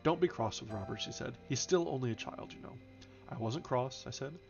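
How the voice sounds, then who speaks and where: A man's voice: mid-range voice, animated, a little fast, creaky. A man reading a novel aloud on a live stream, with small slips and restarts and light changes of voice for the characters. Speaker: audiobook reader, streamer. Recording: slightly dull home stream audio with soft background music. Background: faint background music.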